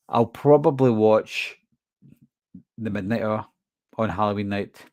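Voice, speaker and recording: A fairly low, darkish voice with a steady tone and an unhurried pace belongs to a horror movie channel host from Scotland. His Glasgow accent is toned down as he casually reads and responds to viewer questions during a live stream, recorded as clean studio sound with no echo.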